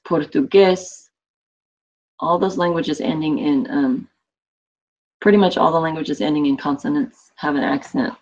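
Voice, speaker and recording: A woman's voice: low-pitched, a little mellow. A woman teaching a Spanish class online, explaining with chatty examples and asides to her students. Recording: dull lo-fi audio.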